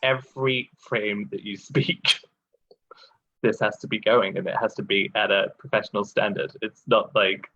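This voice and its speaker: Man, dialect coach, lowish bright voice, measured; lo-fi dry call audio. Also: fairly even intonation, husky, no room sound. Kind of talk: live panel discussion. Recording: dull lo-fi dry sound.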